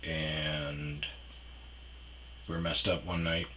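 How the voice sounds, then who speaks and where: A man's voice: a bass voice, level tone, slow, bright, forceful tone, a little hiss or hum, poor audio. A man telling a rambling personal story in a casual, profane way, trailing off with fillers. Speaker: storyteller host.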